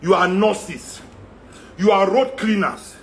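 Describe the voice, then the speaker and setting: Brief: Nigerian man, higher voice, mocking and animated, faint background hiss. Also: slow, gravelly. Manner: animated, mixes Pidgin and Yoruba, mocking. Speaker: musician and guest. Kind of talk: casual opinionated chat.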